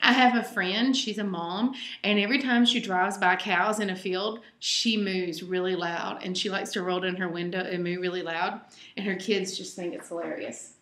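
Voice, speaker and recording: A woman reading a picture book aloud to children, with animated, sing-song delivery and direct questions to her young listeners. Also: medium pitch, moderate pace. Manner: animated, gasping, sing-song, talks straight to kids. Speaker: storyteller host. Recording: roomy echo.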